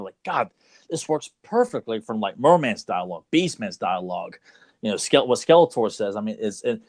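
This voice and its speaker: A man hosts a casual podcast and talks like an eager fan, quick and excited. His voice sits at an everyday middle pitch. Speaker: podcast host.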